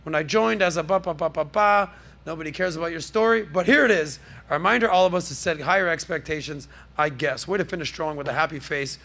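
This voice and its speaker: A high-pitched, gravelly man hosting his podcast with bright, forceful energy. He riffs through the news in an animated, jokey way and tosses asides to his crew. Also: fast talker. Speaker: podcast host.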